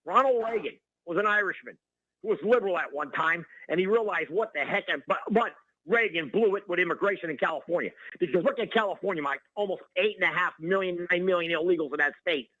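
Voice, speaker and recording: A male caller on a talk radio show, ranting excitedly and calling the host by name over and over. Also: sits high, quick pace, dry recording, lo-fi sound. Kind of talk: heated call-in rant.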